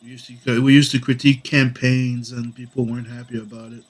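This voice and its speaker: A man's voice: mid-range voice, flat delivery, brisk. Sick man chatting on a drawing stream. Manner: rambling, swears casually. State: sick with a cough. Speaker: comic artist streaming. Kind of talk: casual stream chat while drawing.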